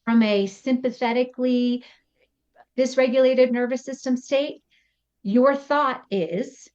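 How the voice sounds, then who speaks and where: A woman's voice: on the high side, measured pace, highs cut off. A woman psychotherapist explaining ideas in a podcast interview, acting out example thoughts as she goes. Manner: animated, acts out example thoughts in quotes. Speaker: psychotherapist guest.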